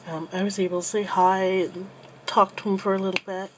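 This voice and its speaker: A woman in her thirties telling a personal story while crafting, soft and halting with many pauses, becoming tearful. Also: medium pitch, little pitch movement, slight background noise, rough recording. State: tearful, getting emotional. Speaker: crafting channel host.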